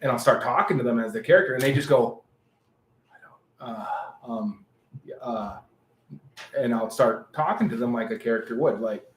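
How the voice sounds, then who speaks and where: Animated man chatting in an echoey room. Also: medium pitch, fast talker, hardly any pauses. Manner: animated storyteller, acts out quoted voices. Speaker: podcast co-host. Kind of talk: casual chat. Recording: echoey room with faint ambience.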